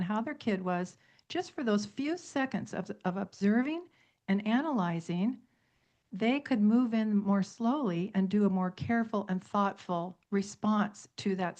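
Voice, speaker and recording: A woman's voice: medium pitch, darkish tone. A middle-aged woman, an author guesting on a radio talk show, telling stories emphatically and reeling off long lists. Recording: dull lo-fi radio audio.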